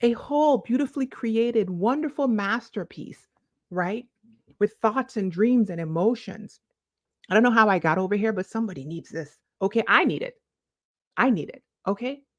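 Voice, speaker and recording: A woman's voice: medium pitch, expressive, normal speed, dry recording, highs cut off. Woman preaching self-care, dry close sound. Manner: preachy, affectionate, calls viewers boo-boo. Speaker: lifestyle vlogger. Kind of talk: casual motivational chat to camera.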